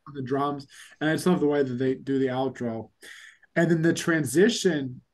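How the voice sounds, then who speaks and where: A man's voice: mid-range voice, normal speed, a little mellow. Chatty rambling male podcast host. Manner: rambling storyteller, many fillers like "like". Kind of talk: casual chat.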